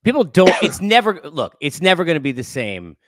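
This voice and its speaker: A man's voice: on the high side, very animated, a little fast, no room sound, clean studio sound. A man hosting a casual baseball interview, asking long, rambling questions with many restarts. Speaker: baseball broadcaster, host.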